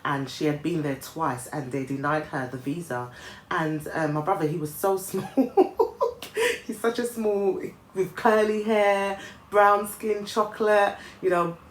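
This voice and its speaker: An earnest woman speaks straight to her viewers in a motivational vlog, her voice sitting a little low. She stumbles and restarts her sentences with ums as she talks. The room is echoey, with a faint hum of ambient noise behind her. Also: unhurried. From Nigeria. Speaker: vlogger. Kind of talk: motivational talk to camera.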